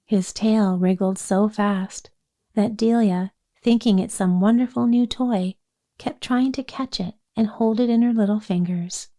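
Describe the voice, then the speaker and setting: Mellow woman reading a storybook. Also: mid-range voice, fairly even intonation, unhurried. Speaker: audiobook narrator. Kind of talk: storybook narration.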